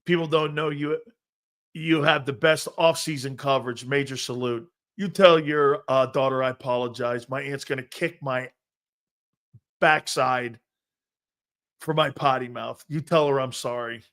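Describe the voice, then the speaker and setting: A man hosting a live sports talk show, loud and jokey, talking straight to his viewers. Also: medium pitch, steady tone, measured pace. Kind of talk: live-stream sports talk reading chat.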